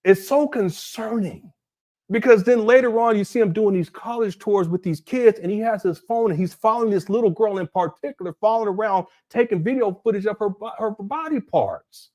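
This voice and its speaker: A man's voice: high-pitched, fairly quick. A man giving rambling, incredulous commentary on a livestream, talking to his chat from a desk mic at home. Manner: animated, incredulous, rambling with restarts.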